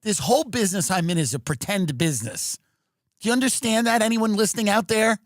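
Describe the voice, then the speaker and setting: A man ranting through a comedic monologue, animated, mimicking agents and fans in mocking voices. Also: sits high, a little fast, no room sound, clean studio sound. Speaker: comedian and podcast host. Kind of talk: comedic rant.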